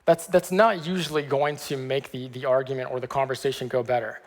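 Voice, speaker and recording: A man preaching a sermon as pastor, in a conversational way, often pausing to check in with "okay.". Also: medium pitch, fairly even intonation, long reverb tail. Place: church sanctuary.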